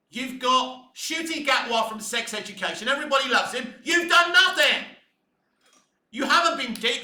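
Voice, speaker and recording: A man delivering a profane, ranting video commentary, swinging between low muttering and shouting. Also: reverberant. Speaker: fan commentator.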